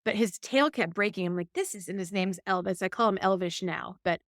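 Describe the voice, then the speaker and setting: This medium-pitched woman talks a bit quickly as she co-hosts a podcast, telling a personal tale and dramatizing her own past remarks with animation. It's recorded at studio quality, free of echo.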